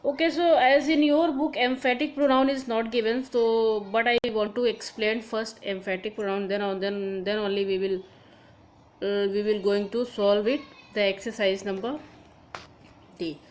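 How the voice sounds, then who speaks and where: A woman teacher, slowly explaining grammar to schoolchildren and repeating each example. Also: fairly high pitch, little pitch movement, rough recording. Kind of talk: recorded online grammar lesson.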